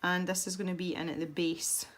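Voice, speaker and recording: Chatty low-voiced woman teaching colouring. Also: level tone, a little fast. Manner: chatty and self-deprecating, with small laughs. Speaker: colouring tutorial host. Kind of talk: casual tutorial narration while colouring.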